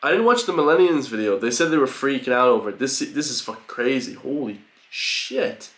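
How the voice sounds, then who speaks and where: A man giving an excitable, profane reaction commentary, full of loud exclamations. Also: mid-range voice, brisk, background noise. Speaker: reaction video host. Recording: roomy home recording with faint music.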